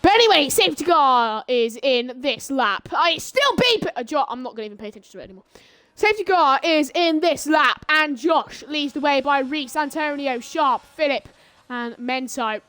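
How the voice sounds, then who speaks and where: Streaming a live sim race, a young woman provides commentary at a normal speed, her voice sitting high and the audio free of echo. Between calls she grumbles, then bursts into excited shouting during the battles.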